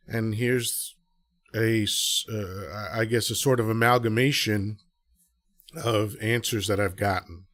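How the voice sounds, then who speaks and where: A man's voice: fairly low pitch, dry recording. A man hosting a live audio show, talking casually to listeners and throwing out rhetorical questions. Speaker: podcast host.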